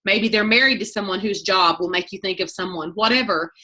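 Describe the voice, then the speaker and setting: A woman with a bright, forceful voice leads a sales team training call. She talks fast and chatty, cuts herself off, and restarts her sentences as she goes. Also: medium pitch. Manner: fast, chatty, self-interrupting. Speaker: network marketing team leader.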